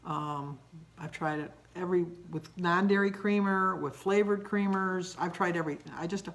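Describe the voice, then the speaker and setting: In her daily vlog, an older woman chats at a moderate pace, her voice sitting fairly low. The talk wanders and turns emotional as she runs herself down, sometimes near tears.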